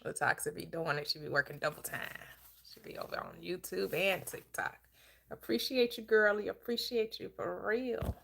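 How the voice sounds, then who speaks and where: A woman hosting a live-streamed book club, upbeat and chatty, greeting viewers with quick repeated words. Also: lowish voice, gravelly, a bit bright, slight background noise. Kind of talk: live-stream chat and discussion.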